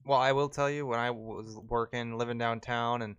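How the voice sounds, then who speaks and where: A man hosting a casual livestream who laughs easily and swears offhandedly. His voice is smooth and clear, with a dry, close sound and no room echo. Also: medium pitch, fairly even intonation, moderate pace, a bit bright, lo-fi sound. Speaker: livestream host. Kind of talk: casual chat.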